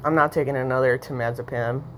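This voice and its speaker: A woman's voice: rumbling low, steady tone, fast talker, a bit bright, a little hiss or hum. Heated, swearing woman venting. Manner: heated, rambling, swears constantly. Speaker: vlogger. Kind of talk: profane venting rant.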